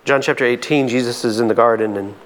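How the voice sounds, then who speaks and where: A pastor preaching a sermon in a conversational, emphatic way, his voice climbing high on key points. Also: fairly even intonation, fast, fairly bright tone.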